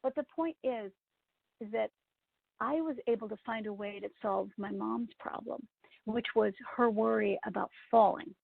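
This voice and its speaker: Gravelly woman on a tinny line. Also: fairly high pitch, moderate pace, no room sound. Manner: personal anecdote told with asides to listeners. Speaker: speaker for event professionals. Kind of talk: storytelling talk. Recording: tinny phone-like dry sound.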